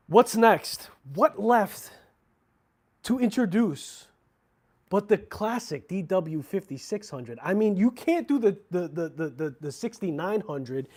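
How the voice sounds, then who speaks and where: A man's voice: high voice, a little mellow. A man hosting a casual livestream about watches, talking in a chatty, slangy, rambling way with frequent restarts. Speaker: watch channel host.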